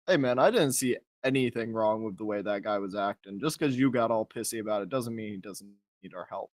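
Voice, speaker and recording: A man's voice: on the low side, brisk, no echo, studio quality. A man playing a tabletop game, joking around with the group. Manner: joking, wisecracking. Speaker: player. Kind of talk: casual tabletop game chat.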